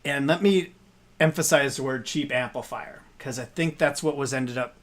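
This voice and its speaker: A man's voice: mid-range voice, moderate pace. A man casually explaining arcade hardware on a live stream, rambling with fillers as he points things out.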